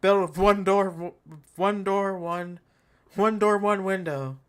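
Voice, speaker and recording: Speaking slowly in a smooth, high voice with fairly even intonation, a man runs a tech channel and comments live on a product event. He rants and jokes in casual slang, mocks things in an exaggerated way, and talks to his chat.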